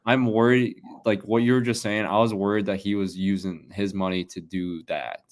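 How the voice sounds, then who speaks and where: A man's voice: on the low side, steady tone, moderate pace. A man co-hosting a sports podcast, chatting casually, rambling a bit, laughing and swearing now and then. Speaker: podcast co-host.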